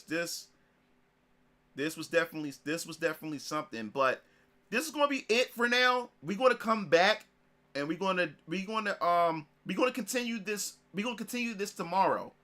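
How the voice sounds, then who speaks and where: High-voiced, excitable male gaming streamer. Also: moderate pace. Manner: excitable, repetitive, swearing, restarts often. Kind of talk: casual reminiscing commentary.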